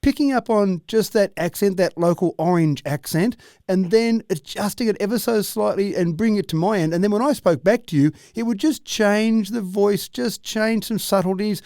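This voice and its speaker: An Australian man with a mellow, slightly higher voice explains technology as a radio guest. He talks steadily and conversationally. The sound is dry and close. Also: normal speed, dry recording. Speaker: technology commentator.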